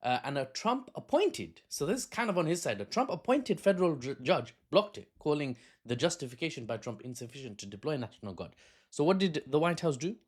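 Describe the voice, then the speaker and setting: A man's voice: on the high side, sing-song, fairly quick, breathy edge. A man, talking as a political analyst in an unscripted video, chatty and laughing often at his own asides, recorded on a phone camera. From Britain.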